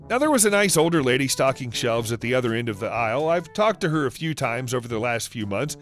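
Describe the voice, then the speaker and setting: Lively man narrating stories. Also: mid-range voice, fast, hardly any pauses. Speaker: story narrator. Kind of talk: reading reddit stories aloud. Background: faint music.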